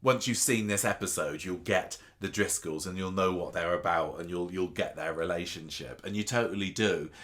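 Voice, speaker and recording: A man's voice: deep voice, normal speed, few pauses, fairly bright tone. A man co-hosting a casual chat show, talking in a rambling way with many restarts and asides. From England. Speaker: podcast co-host. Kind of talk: casual chat about a soap opera.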